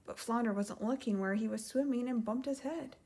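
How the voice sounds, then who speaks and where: A woman gently reading a children's storybook aloud and then going through vocabulary words. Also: on the high side, a little fast, slight background noise. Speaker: storybook reader and teacher.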